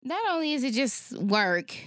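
A woman's voice: high voice, moderate pace, no room sound, clean studio sound. A woman co-hosting a podcast, chatting casually and acting out the people in her anecdotes. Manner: animated, acts out the people in her story. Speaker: podcast co-host. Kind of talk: casual chat, storytelling.

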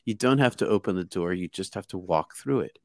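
A man voicing a gentle, ancient spirit elephant in a soft, hushed, whispery tone. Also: sits low, expressive, a little fast, no echo, clean studio sound. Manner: soft and calling.

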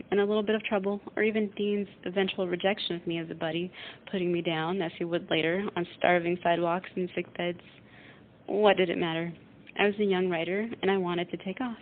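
A woman radio host reading a classic novel aloud in a calm, measured way over a tinny line. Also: on the low side.

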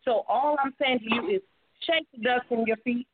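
A woman's voice: fairly high pitch, moderate pace, no echo, phone-quality sound. A woman hosting a call-in show, giving earnest, encouraging advice with preacher-like repetition. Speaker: radio talk show host, life coach.

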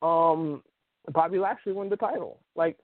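A man's voice: fairly high pitch, unhurried, dry recording. A man hosting a casual sports talk show, rambling with many fillers and restarts. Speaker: podcast host. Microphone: phone call. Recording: tinny phone line, dry.

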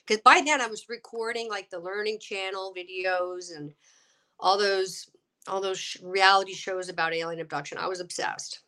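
A middle-aged woman with a bright, forceful voice tells her story with lively energy. She is getting over a cold, acts out the voices of people she quotes, and laughs often. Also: mid-range voice, moderate pace. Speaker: guest, actress and UFO experiencer. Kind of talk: animated storytelling.

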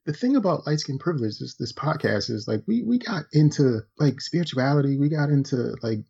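A man's voice: fairly high pitch, expressive, creaky, a little mellow, husky. A man co-hosting a podcast in loose, slangy, profane banter, riffing and joking at length. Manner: laid-back, slangy and profane, drawn-out joking riffs. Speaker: podcast co-host. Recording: dull lo-fi podcast audio.

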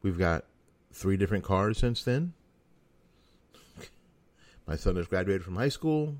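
Blunt and sarcastic with a folksy streak, this middle-aged man has a very deep, low voice and lively intonation, speaking a little slowly. He's an American talk show host delivering a riffing opinion monologue, recorded dry and close with no echo.

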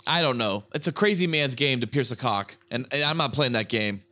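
A man's voice: mid-range voice, brisk, bright, forceful tone. A young man co-hosting a comedy podcast, joking around in a playful, crude way. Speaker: podcast co-host. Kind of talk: casual comedic chat.

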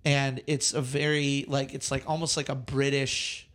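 A man co-hosting a casual movie podcast, ranting with animated exasperation and frequent swearing. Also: medium pitch, a little slow. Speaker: podcast co-host.

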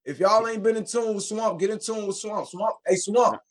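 A man with a high-pitched voice hosts a casual live stream, talking fast and loose in heavy slang. He sounds excitable and hyped, reacting loudly between tracks. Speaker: show host reacting to rap tracks.

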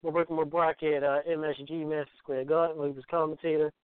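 A man co-hosting a podcast, chatting casually and reading out notes haltingly. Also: a little high, flat delivery, clear, resonant tone, no echo. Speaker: podcast co-host. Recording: tinny phone line, off-mic.

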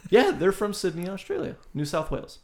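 A man's voice: high-pitched, huge pitch swings, fairly quick. A man co-hosting a casual podcast, quizzing his co-host on bands with playful, profane teasing. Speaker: podcast co-host running a band quiz.

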